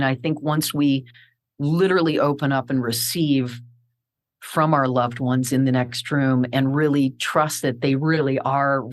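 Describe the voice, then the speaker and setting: Middle-aged woman, guest storyteller, deep-toned voice, animated and vivid, acts out her own lines. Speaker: podcast guest. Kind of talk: emotional personal storytelling.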